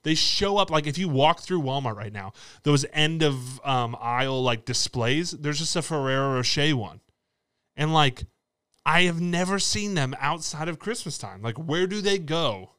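A man's voice: fairly high pitch, animated, normal speed, a bit bright, clean tone, no echo. A young American man co-hosting a podcast, chatting playfully and rambling with frequent laughs. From United States. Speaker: podcast co-host. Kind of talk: casual chat. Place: table indoors with cameras.

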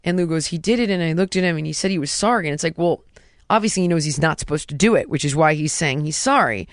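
A woman in her thirties telling a personal story in casual conversation, animated and emphatic, stringing rhetorical questions and dropping to a hush for quoted words. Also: low voice, fast talker, no room sound, clean studio sound.

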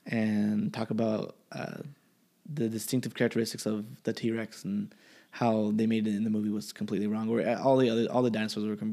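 A man's voice: on the low side, a little mellow. A young man, a college student, in a rambling, profane casual chat. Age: young adult.

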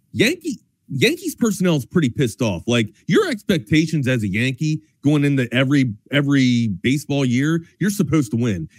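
A man co-hosting a sports talk show, loose and excitable, cursing casually. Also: on the high side, dry recording.

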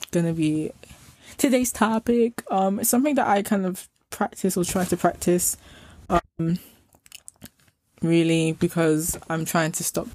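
A woman's voice: on the low side, a little mellow. A young woman hosting a casual solo podcast, chatty and self-mocking, often acting out her past self in quoted asides. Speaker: podcast host.

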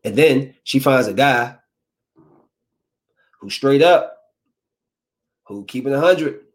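A young adult man in a casual, preachy rant of dating advice, slangy and animated, slipping into quick mock voices. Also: on the high side. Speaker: vlogger giving dating advice.

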